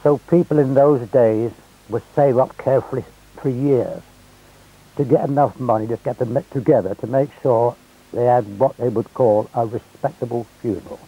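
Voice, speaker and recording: Elderly man with a very mellow husky voice. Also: medium pitch, normal speed, rough recording. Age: older. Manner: chatty, wry anecdotes. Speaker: narrator. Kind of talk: storytelling reminiscence.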